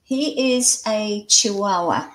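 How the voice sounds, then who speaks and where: At her crafting table at home, an older woman from Scotland with an Australian accent chats with viewers on a casual live craft stream, wondering aloud about measurements. Her mid-range voice is slow and a bit bright, and the recording from the table camera is low quality.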